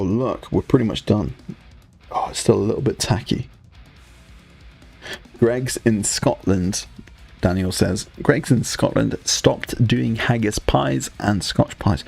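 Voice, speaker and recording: A man's voice: on the low side, takes it slowly, gravelly, pauses often, darkish tone, soft background music. A young man with a Northumbrian accent, hosting a casual live stream while painting miniatures, rambling with frequent restarts and crude banter. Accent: Northumbrian English. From Northumberland, England. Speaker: livestream host.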